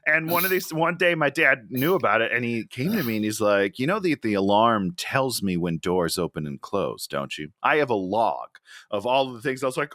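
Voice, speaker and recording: A man's voice: mid-range voice, normal speed, no room sound, studio quality. A man co-hosting a casual comedic movie review podcast, ranting in disbelief and laughing often. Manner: animated, incredulous ranting with frequent laughs. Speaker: podcast co-host.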